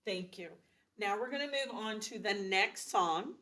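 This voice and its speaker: A woman leads a music lesson for beginners at an unhurried pace. She explains each step patiently and counts out rhythms in an even, mid-range voice. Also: mid-range voice, slight background noise. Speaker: music teacher. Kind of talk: recorder lesson.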